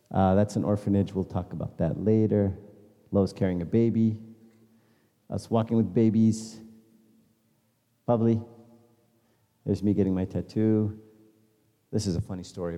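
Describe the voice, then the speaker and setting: A man with a lowish, dark-toned voice gives a casual slideshow talk at a church meeting, chatting through stories that include quoted dialogue. A long hall reverb surrounds the recording.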